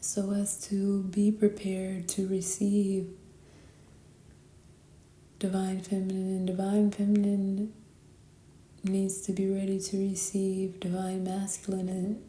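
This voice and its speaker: Tired woman tarot reader, flat, sleepy half-whisper, very slow delivery. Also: mid-range voice, roomy sound. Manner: sleepy, slow and soft-spoken, often whispering. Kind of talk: soft-spoken spiritual tarot reading.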